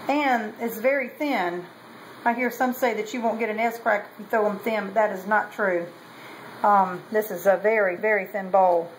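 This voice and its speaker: In a rough recording with a little hiss or hum, a woman with a steady, mid-range voice talks at a moderate pace while showing off pottery from her kiln. Her casual vlog chat wanders, full of ums and corrections.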